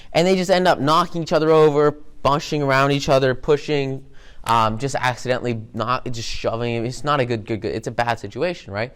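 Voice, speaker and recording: A man giving an upbeat, rambling motivational talk with lots of energy. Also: a little high. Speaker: motivational speaker.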